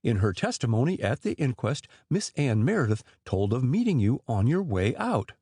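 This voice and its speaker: A man's voice: medium pitch, very animated, normal speed, warm tone, breathy edge, no room sound. A man voicing a grim, dry police inspector. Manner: probing, dry questioning.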